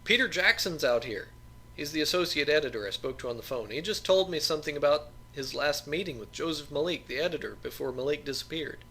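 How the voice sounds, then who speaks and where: Gravelly bright-toned male narrator. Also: on the high side, expressive, fast. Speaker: audiobook narrator. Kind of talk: audiobook reading of a novel.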